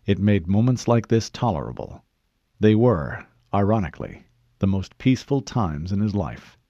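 Low-voiced guy reading an audiobook, dull dry lo-fi sound. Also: sing-song, normal speed, mellow, dry recording. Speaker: audiobook narrator. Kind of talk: scripted audiobook narration.

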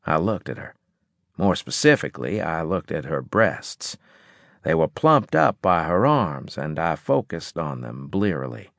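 A man narrating a first-person audiobook chapter in a dry, measured way. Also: rumbling low, very animated, creaky, a bit bright, no room sound.

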